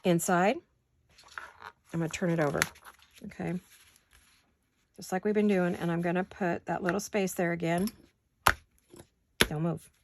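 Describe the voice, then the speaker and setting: A woman's voice: fairly low pitch, steady tone, a little slow, gravelly, long pauses, noisy background. A middle-aged woman hosting a craft tutorial from her home studio, chatting and muttering asides to herself while she works, with the hiccups. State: has the hiccups. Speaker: craft video host.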